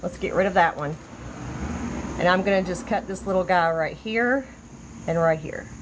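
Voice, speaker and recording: A woman hosting a casual live craft demonstration, chatty and easily excited as she greets viewers. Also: fairly low pitch, normal speed, slight background noise. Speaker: crafter hosting a livestream tutorial. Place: outdoors or by an open window, fading daylight.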